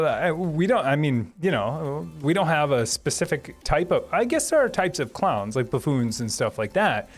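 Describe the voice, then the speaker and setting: Hosting a live stream from his home setup, a fairly high-pitched man chats casually. He reads viewer comments aloud and thanks people, laughing frequently.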